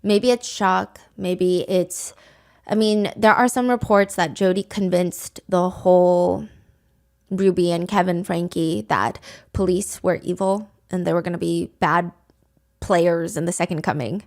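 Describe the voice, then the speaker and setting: Woman hosting a true crime show, lively storytelling, reads quotes with feeling. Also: lowish voice, measured pace. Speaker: podcast host. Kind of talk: true crime podcast narration.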